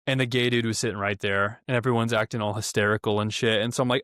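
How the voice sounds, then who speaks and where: A young man telling a story on a podcast in a casual, profane, animated way, acting out quotes in raised voices. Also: mid-range voice, fast, few pauses, clear, resonant tone, dry recording, studio quality. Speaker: podcast co-host.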